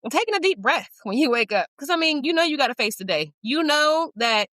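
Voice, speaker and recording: Bright, candid middle-aged woman host. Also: sits high, expressive, brisk, no room sound. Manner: candid, self-deprecating, chatty with frequent likes and you-knows. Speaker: podcast host. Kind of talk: casual podcast chat.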